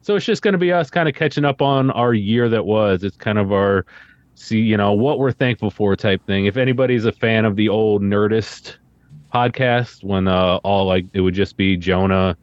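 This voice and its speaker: A man co-hosting a podcast in relaxed, profane, filler-heavy chat. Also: on the low side, normal speed, dry recording, dull audio. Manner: laid-back, swearing, filler-heavy. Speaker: podcast co-host and guest. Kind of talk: casual podcast banter.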